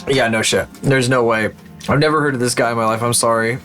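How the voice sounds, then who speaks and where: A man's voice: mid-range voice, steady tone, quick pace, a bit bright, faint music behind. A young man streaming live, commenting as he plays, swearing often and mumbling names aloud as he guesses.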